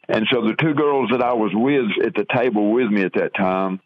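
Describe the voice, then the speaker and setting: Low-voiced older man telling his testimony. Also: fairly even intonation, no echo, narrow, tinny audio. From American South. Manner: earnest, halting storytelling with restarts. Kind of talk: personal testimony.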